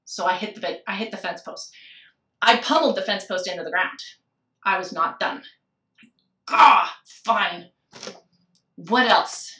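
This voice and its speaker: A woman's voice: medium pitch, fairly quick, bright, forceful tone, reverberant, distant mic. A woman candidly telling a personal story of grief, reflective and at times tearful. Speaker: guest sharing a personal story.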